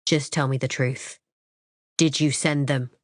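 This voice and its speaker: A woman reading an audiobook, voicing a grown man in a cold, clipped rage, low and scarily calm. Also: unhurried, breathy edge, dry recording, clean studio sound, heavily acted. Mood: coldly furious. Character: furious boyfriend, grown man, cold and harsh. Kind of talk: audiobook character voice.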